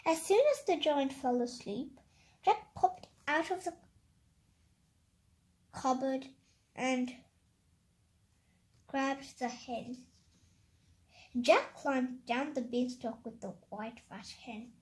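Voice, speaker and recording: A child reading a picture book aloud, slowly and carefully, stopping to describe the pictures. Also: high voice. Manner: slow careful reading, halting comments. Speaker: story reader.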